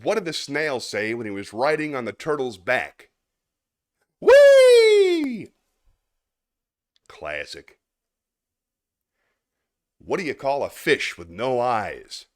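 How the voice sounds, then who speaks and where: A man's voice: mid-range voice, animated, moderate pace, hardly any pauses, a bit bright. Self-mocking man hosting a livestream. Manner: chatty, self-mocking, talks to an empty chat. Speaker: host. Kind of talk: casual livestream chat. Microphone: microphone close by.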